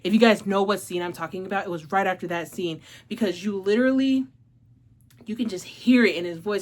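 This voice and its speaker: A woman's voice: mid-range voice, a little fast. A woman hosting a casual book review vlog, gushing and emotional, peppering her talk with "like" and swearing, a little out of breath. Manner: gushing, emotional, heavy use of "like", profanity, laughs a lot. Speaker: book reviewer and channel host.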